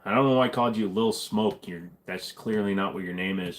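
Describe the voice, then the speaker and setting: A man's voice: on the low side, brisk, few pauses. A man hosting a casual livestream, chatting loosely with viewers, joking and rambling with lots of fillers and restarts. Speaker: livestream host. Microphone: desk microphone.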